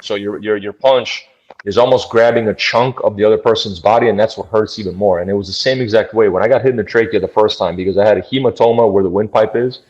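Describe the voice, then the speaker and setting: A man, a bare knuckle fighter, telling a fight story in an interview in a blunt, profane, animated way. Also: fairly low pitch, fast, lo-fi sound.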